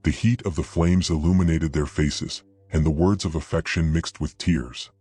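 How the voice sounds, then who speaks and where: A man with a very deep, husky voice reads a horror story aloud. His delivery is steady and even, as in scripted narration. The sound is dry and close, with no room around it. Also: normal speed, no room sound.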